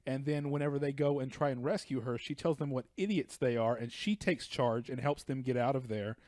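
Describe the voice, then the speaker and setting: A man talking through his opinions on a casual comedy podcast, earnest and explanatory. His voice sits at a plain middle pitch. The recording is dry and close, with no room sound. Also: fairly quick, a little mellow, dry recording. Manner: earnest, explains points at length. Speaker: podcast co-host.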